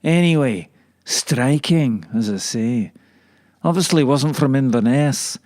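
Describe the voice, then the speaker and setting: A rambling old kale leaf , as a man voices him, tells his tale in a slow, unhurried drawl. The delivery stays bone-dry and deadpan. The room is dead dry, with no echo at all. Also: mid-range voice. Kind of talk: comic monologue.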